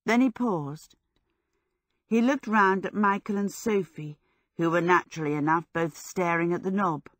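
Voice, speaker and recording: A woman narrating an audiobook in a measured storybook reading. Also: fairly low pitch, a bit bright, dry recording, clean studio sound. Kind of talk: scripted narration.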